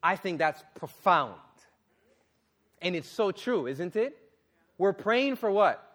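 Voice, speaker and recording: A man preaching a sermon and reading scripture, exclaiming and questioning the congregation, then dropping to a low, earnest tone for serious points. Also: takes it slowly. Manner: animated, exclaiming and asking the audience questions.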